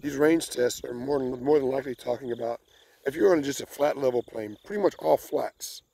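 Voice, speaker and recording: A man's voice: medium pitch, fairly quick, vocal fry, warm tone. A man giving a casual, rambling review to camera, full of fillers and repeated words, recorded outdoors. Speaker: e-bike reviewer.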